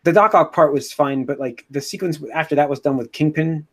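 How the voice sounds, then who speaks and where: A man hosting a podcast, recapping a movie in a rambling, casual way with many pauses and restarts. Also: on the high side. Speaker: podcast host.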